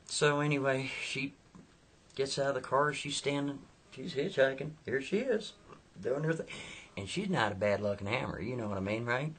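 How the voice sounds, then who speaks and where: A man's voice: medium pitch, moderate pace, fairly bright tone, husky. A man telling a story in a folksy, chatty way, often turning aside to the listener. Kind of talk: casual spoken storytelling.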